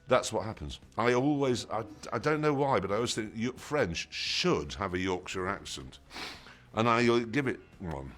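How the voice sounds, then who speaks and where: Male TV presenter, lowish voice with a wide lively swing, chatty anecdotal press-interview read. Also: moderate pace, faint music behind. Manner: animated anecdotes, lively delivery.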